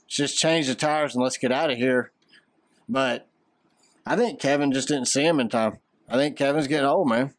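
A man's voice: mid-range voice, normal speed, no room sound. A man with a Southern US accent co-hosting a podcast, chatting casually and trading opinionated, joking takes. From American South. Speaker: podcast co-host. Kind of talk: casual chat.

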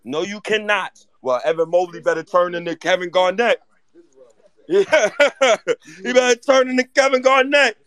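Loud teasing high-voiced man host. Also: normal speed. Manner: loud, teasing, trash-talking. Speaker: host of a fan audio chat room. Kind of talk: heated casual fan banter.

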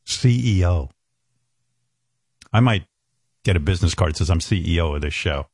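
A man's voice: low voice, animated, normal speed, a little mellow, breathy edge, no room sound, clean studio sound. A man from New hosts a radio show, telling rambling stories full of profanity and fillers. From New York. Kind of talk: casual radio show banter.

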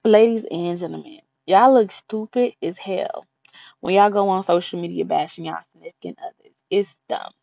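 A woman's voice: fairly low pitch, normal speed, creaky, mellow, no room sound, muffled recording. A young woman giving blunt, slangy relationship advice in a casual monologue, often acting out what people say. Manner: blunt, slangy, acts out quotes.

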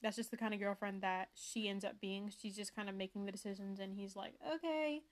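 A woman's voice: mid-range voice, monotone, fast talker. A young woman hosting a podcast, talking casually about a book in a chatty, rambling way, full of asides and fillers. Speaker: podcast host. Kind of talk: casual book review chat.

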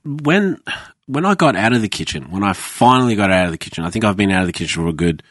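Podcast guest, man, low-pitched voice, dry close sound, swears a lot while telling stories. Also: animated, fast talker, fairly bright tone, no room sound. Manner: profane, rambling storyteller. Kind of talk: casual podcast chat.

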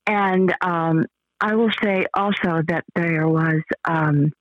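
A woman's voice: fairly low pitch, no room sound. Effusive older woman on a dull call line. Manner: rambling, effusive, halting with many fillers. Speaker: actress guest. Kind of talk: casual interview chat.

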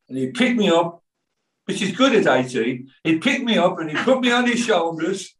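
Older male pastor with a Birmingham accent, lively storytelling sermon, voice a touch high, heard from a distance in a roomy hall. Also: brisk. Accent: Birmingham English. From England. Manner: animated storytelling with quoted voices and asides. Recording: echoey room from far off.

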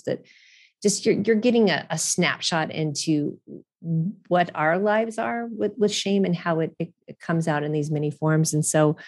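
Low-voiced woman podcast host, candid and chatty. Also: vocal fry. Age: middle-aged. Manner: candid, chatty and profane, with frequent restarts and laughter. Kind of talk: casual solo podcast monologue.

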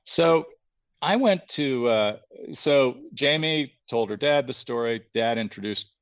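A man telling a story on a podcast with an animated, restless delivery, often restarting his sentences. His voice sits at an ordinary middle pitch. The recording sounds a little dull and lo-fi. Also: unhurried. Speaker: guest artist.

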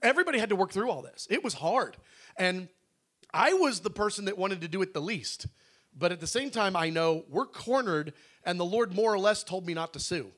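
A middle-aged male pastor with a high, bright voice tells his story in an animated, conversational way. He slips into dialogue often and restarts his sentences along the way. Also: a little fast. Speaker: pastor telling a testimony.

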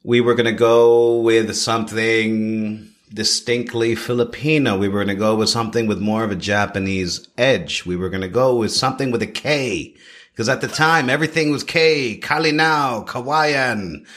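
A man in his thirties from Canada, a chef telling his story in a podcast interview with expressive swings and repeated phrases. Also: mid-range voice, moderate pace. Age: 30s. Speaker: chef, guest.

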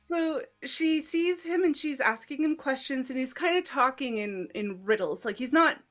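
Higher-voiced woman retelling a movie plot. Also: moderate pace, soft background music. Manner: animated plot retelling, frequent "like". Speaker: podcast co-host. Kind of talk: casual movie review chat.

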